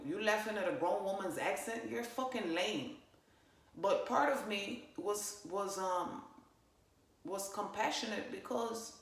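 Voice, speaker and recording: Profane, animated woman in an echoey room. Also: mid-range voice, unhurried. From parents from Jamaica. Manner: profane, animated, emphatic, fillers. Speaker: spiritual channeler vlogger. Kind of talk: casual spiritual monologue. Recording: roomy echo.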